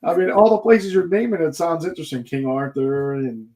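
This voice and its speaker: A man from the United States hosting a casual interview, telling relaxed stories and quoting his own past remarks. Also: fairly high pitch, fairly quick. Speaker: host. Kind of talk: casual chat.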